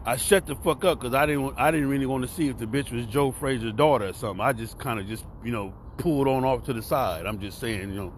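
A fifty-one-year-old man with a Southern US accent ranting casually to camera from a cheap hotel room, loud and profane, swinging between shouting and mumbling. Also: mid-range voice, quick pace, few pauses, a little hiss or hum. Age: 50s. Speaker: vlogger and podcast host. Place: cheap hotel room near train tracks.

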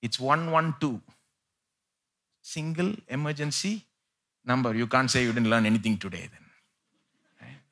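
A male pastor preaching a live church sermon, swinging between loud pleading and quiet asides. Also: mid-range voice, normal speed, long pauses. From India.

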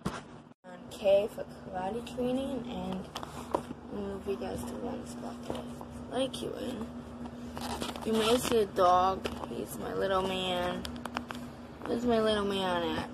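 A woman's voice: medium pitch, fairly even intonation, slow pace, gravelly, pauses often, very noisy. A woman talking casually in a home vlog, counting her exercises aloud and chatting to her dogs. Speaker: vlogger.

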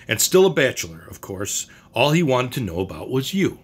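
A man's voice: medium pitch, very animated, normal speed, breathy edge. A man reading a short story aloud, voicing a brash, scheming middle-aged husband who talks in a hearty, emphatic, pushy way.

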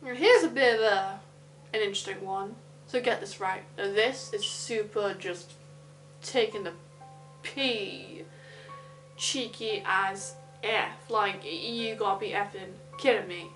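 A woman's voice: medium pitch, unhurried, fairly bright tone, faint music behind, low-quality recording. A woman with a London accent casually recounting a true crime case, breaking into blunt, indignant asides.

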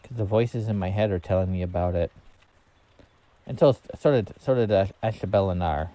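A man's voice: deep voice, normal speed, dark tone, dry recording. A man casually commenting while he plays a game, rambling and thinking aloud with plenty of fillers. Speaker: streamer.

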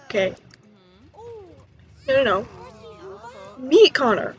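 Woman, high voice, chatty game commentary, excitable, faint background hiss. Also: measured pace, pauses often, low-quality recording. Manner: excitable, chatty, gasps and laughs. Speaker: gaming YouTuber. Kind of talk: let's play commentary.

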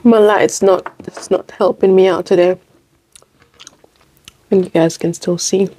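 A woman hosting a casual eating vlog, chatting in a relaxed way between bites. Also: medium pitch, a little slow. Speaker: mukbang host.

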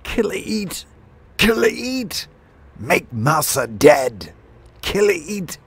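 A man's voice: a little high, big pitch swings, drawn-out words, husky, pitched above the performer's own voice, exaggerated voice. A man voicing a savage, fierce male sparrow king who barks broken commands. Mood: furious.

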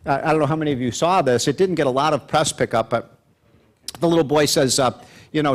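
A man's voice: on the high side, fast. A man giving a live speech to an audience, telling anecdotes in a chatty, rambling way with many fillers and restarts. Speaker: speaker at an event. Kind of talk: after-dinner speech with jokes.

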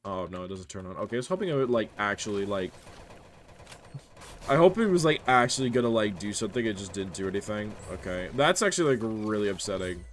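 Lively, jokey young streamer man. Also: lowish voice, quick pace, a little hiss or hum. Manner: animated, jokey, reads chat aloud, often laughs. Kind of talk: casual live-stream chatter while gaming.

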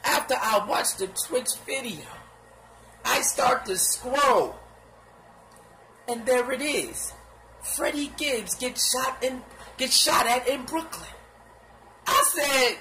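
A man giving casual, animated gossip commentary in slangy talk, laughing and acting out what others said. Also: very high-pitched, slow pace, pauses often, slight background noise. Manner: sound effects and repeated filler phrases.

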